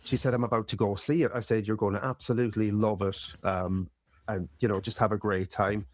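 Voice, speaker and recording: A man with a somewhat low voice, chatting as a podcast co-host. He tells his story in an easy, relaxed way, slipping in fillers as he goes. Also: a little fast. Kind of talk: casual chat.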